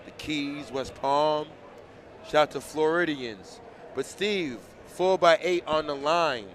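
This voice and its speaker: A man with a Boston accent giving casual, chatty live commentary at an outdoor track meet, calling out shout-outs to viewers. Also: on the high side, takes it slowly, slight background noise. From Boston area.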